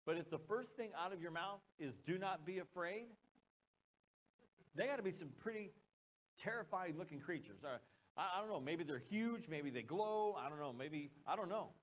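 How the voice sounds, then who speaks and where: Man, American accent, pastor, sermon, conversational, fairly high voice. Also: lively intonation, a little fast, rough recording. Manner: conversational, with joking asides and questions to the congregation.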